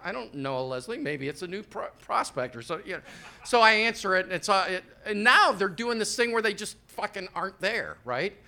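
A man in his fifties works through a stand-up set on a club stage, talking into a handheld mic. His voice is high and very bright. He rambles in a loose, conversational way and drops in crude asides. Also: lively intonation, fairly quick. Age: 50s. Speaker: stand-up comedian.

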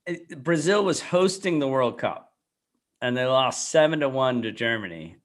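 A man's voice: medium pitch, lively intonation, normal speed. A man hosting a casual podcast chat, quizzing his co-hosts with a wry tone. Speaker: podcast host. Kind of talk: casual chat, quiz questions.

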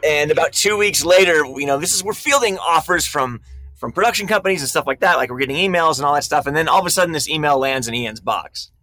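A man's voice: on the high side, fast, bright, forceful tone, no echo. A man, a film director being interviewed, eagerly explaining how his film came together. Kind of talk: casual interview storytelling.

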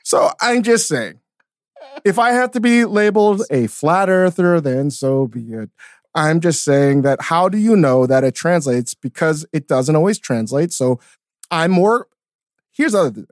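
A middle-aged man hosting a podcast, chatting casually and telling stories with animated, mock-outraged emphasis. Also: on the high side, unhurried, no echo, clean studio sound. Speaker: podcast host. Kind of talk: casual chat.

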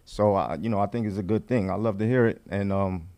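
A man's voice: fairly low pitch, brisk, warm tone. A man co-hosting a sports podcast, talking casually and agreeing easily. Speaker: podcast co-host.

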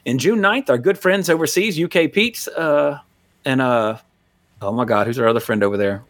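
A man hosting a podcast in casual chat, rambling and animated, swearing freely. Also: mid-range voice, moderate pace. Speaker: podcast host.

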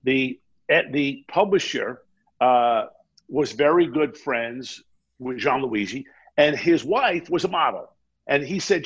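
A man telling a long anecdote in a casual chat, animated and often quoting the people in his story. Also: mid-range voice, takes it slowly, slightly rough, dull audio. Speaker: guest.

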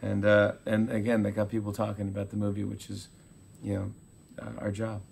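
A man in his forties, a talk show host being interviewed, telling animated stories and acting out quotes. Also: lowish voice, fairly quick, gravelly, husky. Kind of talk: casual interview chat.

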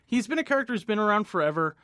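A man's voice: sits high, expressive, rapid-fire, pushed and bright, no echo, clean studio sound. A man appearing as a guest entertainment editor, talking chattily about a comic hero. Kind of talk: casual interview.

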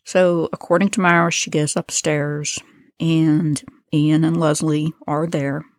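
A woman's voice: sits low, level tone, takes it slowly, no room sound, studio quality. A woman hosting a true-crime podcast, talking casually as she explains events and reads from a transcript. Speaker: podcast host.

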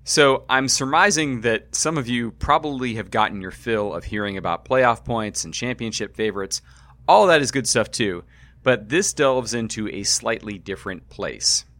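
A man hosting a podcast, introducing the episode and then interviewing a guest in a measured, conversational way. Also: medium pitch, lively intonation, fairly bright tone, dry recording. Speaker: podcast host.

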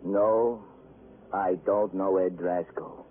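A man's voice: deep voice, fairly even intonation, takes it slowly. An actor playing a paranoid, hungover male carnival roustabout jailed as a suspect, wheedling and then screaming in panic, in a 1950s radio drama. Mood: nervous. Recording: tinny old radio broadcast with hiss.

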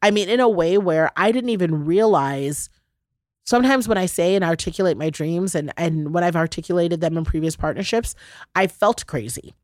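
This podcast host has a voice on the low side and speaks at a moderate pace, captured with studio quality and no echo. Telling personal stories in a relaxed, warm conversation full of laughter, she's an animated, gushing storyteller who chokes up for a moment.

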